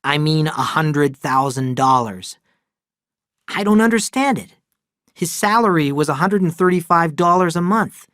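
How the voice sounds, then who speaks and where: A man's voice: a little high, animated, unhurried, fairly bright tone, no echo, clean studio sound, voice pushed up. A man voicing an anxious, troubled grown brother, speaking in a raised, strained and emphatic way.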